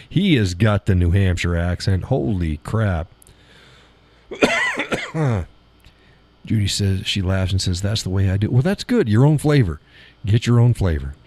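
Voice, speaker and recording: A man hosting a live stream in casual chat, playful and quick to laugh, toying with how words sound. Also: fairly low pitch, darkish tone, dry recording. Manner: chatty, playful, laughs often, toys with word sounds.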